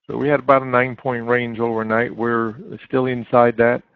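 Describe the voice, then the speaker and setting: A man's voice: medium pitch, little pitch movement, moderate pace, smooth, no echo. A man giving live market commentary as a trading chat room moderator, coaching steadily with frequent fillers over a dry, phone-like line.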